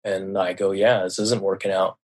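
A man telling a personal story in casual speech, often stopping to repeat words or restart a sentence, with a louder voice when quoting others and a very soft one for soothing lines. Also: deep voice, flat delivery, normal speed. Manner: quotes others in a raised voice and drops very quiet for soothing lines.

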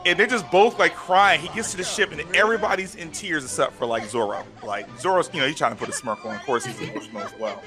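A podcast co-host talks casually, his voice fairly high and quick with few pauses, over music and a crowd in the background. He retells stories in an animated way, packed with fillers, and sounds choked up and close to tears.

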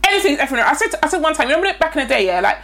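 A woman's voice: high voice, rapid-fire. A young woman, chatting casually and animatedly on a podcast, mocking and opinionated. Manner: animated, mocking, puts on voices for quotes. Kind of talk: casual chat.

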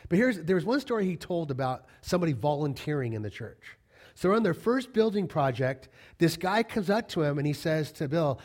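Middle-aged male pastor, high voice, very lively delivery, emphatic repeating sermon style. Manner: animated, storytelling with emphatic repetition.

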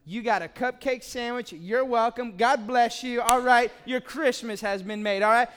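A middle-aged man preaching a sermon, telling family stories in an animated, playful way. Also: very high-pitched, moderate pace. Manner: animated storytelling, acts out scenes. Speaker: pastor.

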